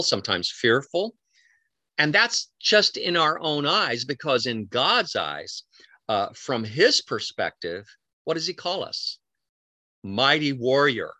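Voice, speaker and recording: Earnest bright-voiced male preacher. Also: medium pitch, no room sound. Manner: earnest, halting, with restarts and scripture quotes. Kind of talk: sermon.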